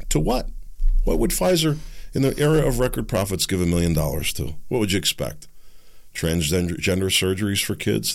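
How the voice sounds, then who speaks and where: A man's voice: mid-range voice, gravelly. A man hosting a political commentary show, ranting in a sarcastic, exasperated way. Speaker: host.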